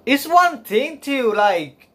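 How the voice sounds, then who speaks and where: A man reacting on a live stream, emotional and close to tears, gushing in halting speech full of fillers, sighs and laughs. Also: very high voice, sing-song, bright, forceful tone.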